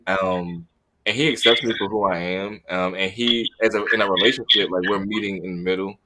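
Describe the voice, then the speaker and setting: Young man, low-ish voice, candid and animated, casual podcast chat. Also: a little fast, background noise. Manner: animated, acts out what he would say. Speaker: podcast co-host.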